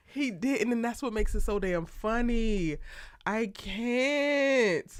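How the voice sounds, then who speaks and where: Woman, live show recap host, lively swooping pitch, dry close sound, laughs a lot. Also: slow, clean tone, no echo. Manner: animated, laughs often, slangy and emphatic.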